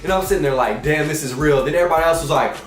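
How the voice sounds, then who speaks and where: A man's voice: on the high side, racing, roomy sound, soft background music. Profane young man telling a comic story. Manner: animated, profane, acts out quotes in shifting voices.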